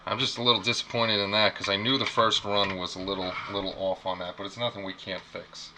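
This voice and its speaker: A man with a lowish voice talks fast in a flat delivery while hosting a casual live unboxing stream from a small apartment. He rambles, repeats himself, and reacts to chat, with clear background noise in the recording.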